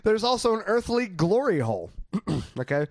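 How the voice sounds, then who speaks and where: A man's voice: sits high, very animated, moderate pace, a crowd in the background. A man hosting a comedy podcast, joking and stumbling as he reads facts to his co-hosts. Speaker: podcast host.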